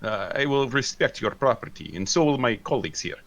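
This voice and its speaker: A man voicing a stiff, over-formal male adventurer in a tabletop game, speaking haltingly. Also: mid-range voice, animated, fairly bright tone, slight background noise, lightly acted.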